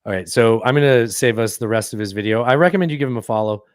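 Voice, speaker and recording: A man's voice: medium pitch, fast, clean tone, no room sound, studio quality. A man hosting a casual political podcast, opinionated and explaining at length with frequent restarts. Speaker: podcast host.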